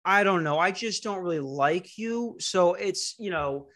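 A man's voice: high-pitched, expressive, unhurried, fairly bright tone. A man hosting a casual podcast over a video call, teasing and crude with his guests. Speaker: podcast host.

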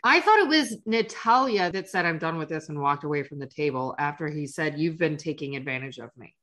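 A woman co-hosting a casual podcast, measured as she explains plot points. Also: low voice, animated, a bit bright. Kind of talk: casual chat.

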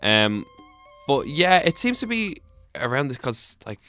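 A man's voice: medium pitch, unhurried, soft background music. A man co-hosting a comedy podcast, telling a tale with laughs and swearing. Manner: laughing, animated, swears freely. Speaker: podcast co-host. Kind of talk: casual storytelling banter.

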